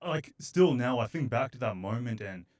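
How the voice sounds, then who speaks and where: A man's voice: medium pitch, animated, normal speed, darkish tone. A man, a guest podcast host chatting easily and sharing his own story from a building site. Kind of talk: casual podcast interview.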